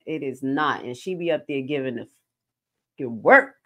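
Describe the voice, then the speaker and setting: A woman nurse giving casual, animated commentary on clips as a stream host. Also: rumbling low, normal speed. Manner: animated, jumps to loud bursts.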